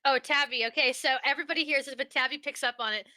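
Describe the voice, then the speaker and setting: A woman running a tabletop game as dungeon master, narrating quickly and laughing easily. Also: high-pitched, steady tone, bright, forceful tone, dry recording.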